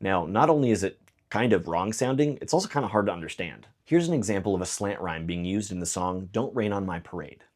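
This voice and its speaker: A man explaining songwriting in a clear video lesson, with dry joking asides. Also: sits low, animated, a little fast. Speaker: songwriting teacher.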